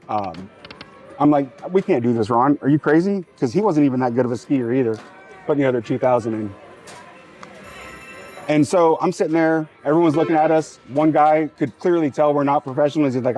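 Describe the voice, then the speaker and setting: A man's voice: fairly high pitch, a little fast, dark tone, faint music behind. A man hosting a slots channel, telling a long story casually while he plays. He rambles, cuts himself off and urges the machine on between sentences. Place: casino floor.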